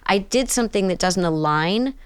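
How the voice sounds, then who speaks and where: A middle-aged woman speaks as a therapist in an unhurried podcast conversation, her voice smooth and resonant. Now and then she slips into small acted-out examples to make a point. The sound is dry and close, with no room around it. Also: mid-range voice, expressive, no room sound. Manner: thoughtful, explains with acted-out examples. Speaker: psychotherapist and author, guest.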